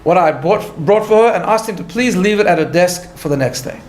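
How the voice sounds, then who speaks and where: A man, a rabbi, giving a conversational lecture, telling a story in an animated way with light laughter at his own asides and frequent restarts. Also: sits high, fairly quick, reverberant, slight background noise. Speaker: rabbi teaching a class.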